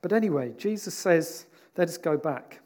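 Conversational male preacher, fairly high voice. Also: normal speed. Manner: conversational and animated, voicing the disciples. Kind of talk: sermon.

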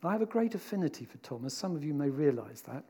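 A man giving a sermon in a relaxed, conversational way. His voice sits a little high for a man, and he often slips into the voices of the people in his story. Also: fast talker, breathy edge. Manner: conversational and animated, voicing the disciples. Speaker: preacher.

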